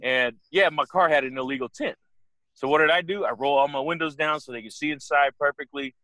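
A young man co-hosting a casual podcast, telling a story in an animated, profane way and acting out the other people's voices. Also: a little high, brisk, no room sound.

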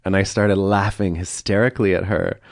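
This is a man with a deep, low-pitched voice, recorded in a dry setting with no room echo. He speaks frankly as a podcast guest. He tells a personal story, slips into quoted dialogue and breaks it up with uneasy laughter. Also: steady tone, normal speed, gravelly. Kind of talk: candid interview storytelling.

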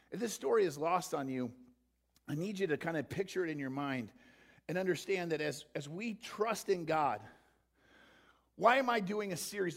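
Lively male pastor, high gravelly voice, animated sermon delivery. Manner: animated, acts out the disciples in playful voices.

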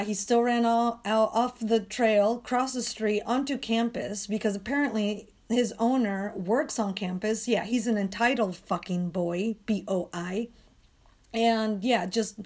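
Hoarse, strained woman, profane venting monologue, exasperated and ranting. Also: medium pitch, darkish tone. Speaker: dog walker and coach.

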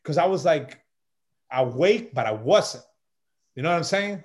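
A middle-aged man, a podcast guest and chef, telling a story in a loose, animated way and peppering his talk with "bro" and "man". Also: on the high side, a little slow. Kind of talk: casual storytelling chat.

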